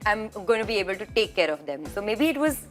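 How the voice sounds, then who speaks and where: A woman's voice: mid-range voice, very animated, fast talker, over loud music. A woman actress answering interview questions over a video call, earnest and reflective, often restarting her sentences. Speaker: actress guest.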